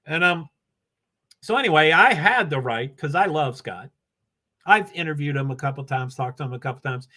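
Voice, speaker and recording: A man's voice: on the high side, expressive, normal speed, sharp tone. Rambling older man on a laptop stream. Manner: chatty and scattered, reading viewer comments aloud. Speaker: livestream host. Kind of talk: rambling casual livestream chat.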